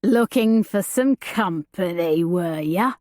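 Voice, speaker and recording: Gravelly, menacing bearded poacher for a storybook reading, rough rural speech, slow and dry, as a woman narrator puts him on. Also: on the low side, animated, a little mellow, dry recording. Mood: leering. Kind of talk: audiobook character voice.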